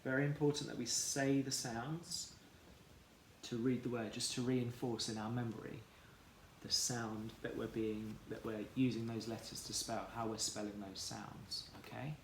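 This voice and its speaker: A man teaching a children's phonics lesson, sounding out words slowly and clearly, syllable by syllable. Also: medium pitch, level tone, a little hiss or hum. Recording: echoey room with faint ambience.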